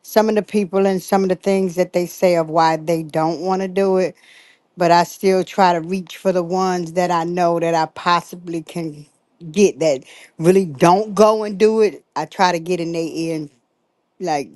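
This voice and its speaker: A middle-aged woman calling in to a livestream from bed at home, talking in a relaxed, drowsy way and laughing easily. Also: fairly low pitch, moderate pace, no echo. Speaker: guest caller. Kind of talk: casual livestream chat.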